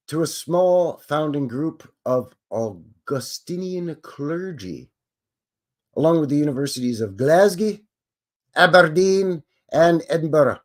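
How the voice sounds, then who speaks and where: Stream host, male, middle-pitched and animated, reads text then drops dry self-mocking asides. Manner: wry, self-deprecating asides between read passages. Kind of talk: reading aloud with offhand commentary.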